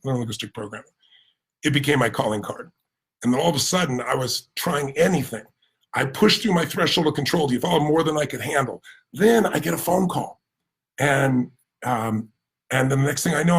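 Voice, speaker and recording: Brief: American man, motivational speaker, rapid energetic storytelling, gravelly-husky voice. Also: medium pitch. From United States. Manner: animated, emphatic, acts out quoted voices.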